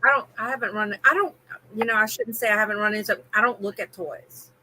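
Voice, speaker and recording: A woman's voice: medium pitch, fast, pushed and bright, slight background noise, poor audio. A woman co-hosting a casual live stream, chatting and greeting viewers by name. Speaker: co-host.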